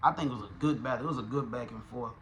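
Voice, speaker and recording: A man giving a casual, profane, animated review of a rap battle, talking in slang and restarting his sentences often. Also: mid-range voice, very fast, background noise. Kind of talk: casual commentary.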